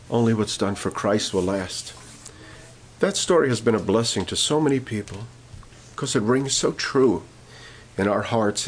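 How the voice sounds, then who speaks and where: A man's voice: mid-range voice, creaky, a little hiss or hum. A man preaching a sermon, telling a story with many fillers and restarts, then rising to emphatic points.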